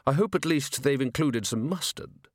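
A man voicing a languid, dry-witted ruling lord in an audiobook, speaking slowly in an understated way. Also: mid-range voice, animated, dry recording, voice pushed up, natural voice. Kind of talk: audiobook character voice.

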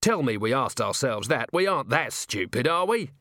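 Vimes, a brisk, probing watch commander voiced by a man. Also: mid-range voice, big pitch swings, bright, forceful tone, no echo, clean studio sound, pitched above the performer's own voice. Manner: brisk, probing, rhetorical questioning. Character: sharp, driven veteran male watch commander. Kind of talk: audiobook character voice.

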